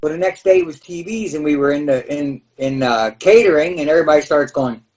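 A man, a former pro wrestler, telling stories on a podcast in an animated way, laughing and acting out scenes. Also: fairly high pitch, brisk. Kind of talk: podcast storytelling. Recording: voice a bit far from the mic.

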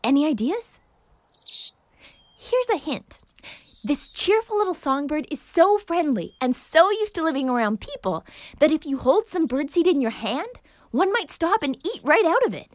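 A woman hosting a children's wildlife show, narrating from a script in a bubbly, playful and expressive way. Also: high voice, normal speed, dry recording. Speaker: show host.

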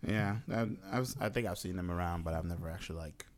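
Male host, lower voice, relaxed, keeps the conversation going with questions. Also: quick pace. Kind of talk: casual podcast chat.

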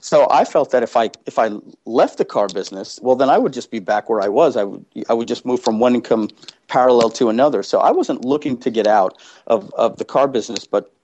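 A man telling a personal story as a guest, animated and full of restarts, acting out the people he quotes. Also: medium pitch, brisk. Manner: animated, acts out quoted voices, many restarts. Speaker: guest entrepreneur. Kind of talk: casual storytelling. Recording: dull lo-fi sound.

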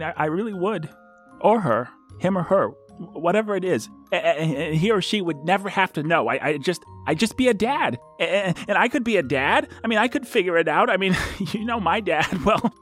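A man plays an anxious young man who stammers and laughs nervously through a proposal, his voice high and swinging widely. His lines are halting and full of restarts, with soft music underneath. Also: exaggerated voice. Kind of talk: audio drama acting.

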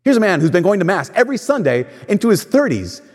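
Heard through long church reverb, a man with a high-sitting voice talks fast and very animatedly. His sermon is casual and conversational, built on stories in which he acts out what people said.

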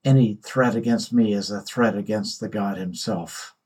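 A man voicing a calm, mysterious god in disguise who speaks quietly and without concern. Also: on the low side, moderate pace, breathy edge.

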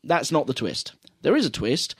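A man's voice: a little high, normal speed, breathy edge, dry recording, studio quality. A man co-hosting a casual podcast, riffing on a film with swearing and quoted lines. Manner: animated, swearing, quoting lines in funny voices. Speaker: podcast co-host reviewing a film. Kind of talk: casual chat.

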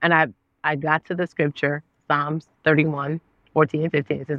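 A woman in her thirties, a guest on an interview show, telling her story with lively voices for her own past words. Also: moderate pace, no room sound, dull audio. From Nigerian family. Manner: expressive, acts out her own past words with big pitch jumps. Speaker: guest, actress and author.

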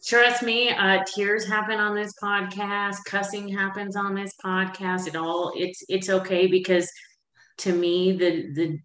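A woman's voice: medium pitch, little pitch movement, unhurried, fairly bright tone. A woman hosting a podcast, asking reflective questions and reassuring her guest. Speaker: podcast host. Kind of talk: interview podcast. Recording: echoey room.

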